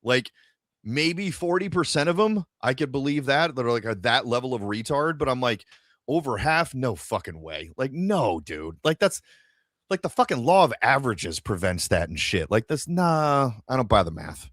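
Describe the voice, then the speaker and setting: A man's voice: mid-range voice, big pitch swings, moderate pace, a bit bright, no room sound. Man, podcast host, exasperated, swears a lot, dry close sound. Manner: profane, exasperated ranting. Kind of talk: casual podcast chat.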